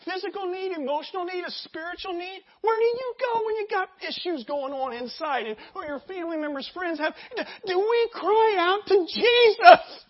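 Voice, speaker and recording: A pastor preaching a sermon in a lively, conversational way, asking the congregation questions and acting out scenes. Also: very high-pitched, fairly quick, few pauses, dull audio. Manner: animated, conversational, acts out scenes.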